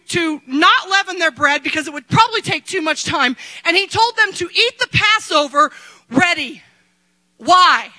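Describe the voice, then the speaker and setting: A middle-aged woman pastor preaching a sermon, impassioned, rising to shouts and dropping to quiet asides. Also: very high-pitched, rough recording.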